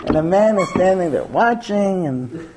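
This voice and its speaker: A man's voice: sits high, lively intonation, normal speed, background noise. A man giving a humorous talk to an audience, telling stories, acting out quotes and making numbered points. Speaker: speaker giving a talk on marriage.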